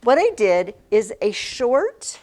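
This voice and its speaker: A woman's voice: fairly high pitch, big pitch swings, takes it slowly, mellow. A woman teacher talking to her class in a chatty, rambling way, often breaking off mid-sentence. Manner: chatty, rambling, self-interrupting.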